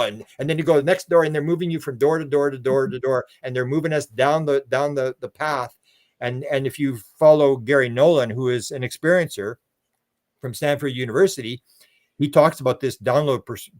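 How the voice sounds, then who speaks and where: Older man telling rambling stories. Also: mid-range voice. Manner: rambling, repeats words, acts out quoted voices. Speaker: guest, UFO researcher. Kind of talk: casual storytelling interview.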